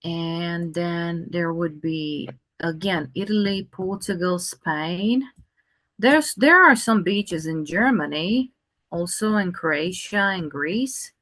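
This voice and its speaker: A woman teaching an English conversation lesson, speaking slowly and patiently with many fillers. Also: lowish voice, a bit bright.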